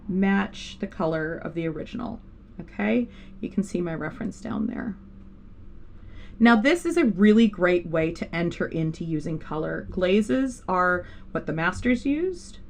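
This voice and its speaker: Woman art instructor with a fry-tinged voice, chatty and self-correcting, faint noise on the stream mic. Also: fairly low pitch, a little mellow. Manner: rambling, self-interrupting, with many fillers. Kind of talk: live digital painting tutorial.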